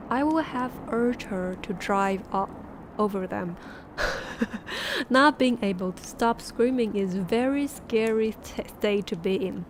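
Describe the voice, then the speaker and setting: A woman, a Mandarin speaker, reading a book aloud on a stream with halting restarts and chatty asides. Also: mid-range voice, a little hiss or hum. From Taiwan. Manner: laughing asides between passages.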